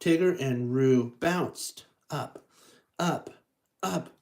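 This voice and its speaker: A storytime reader reading a picture book to young children, slow and halting, with stumbles and asides. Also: mid-range voice, darkish tone, low-quality recording.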